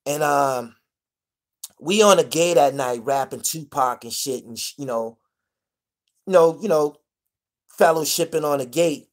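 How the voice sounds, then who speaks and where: A man's voice: fairly high pitch, a little slow, long pauses. Profane street-talking male storyteller. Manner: street slang, profane, rambling with restarts and "you dig?" asides. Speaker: vlogger telling prison stories. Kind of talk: casual storytelling monologue.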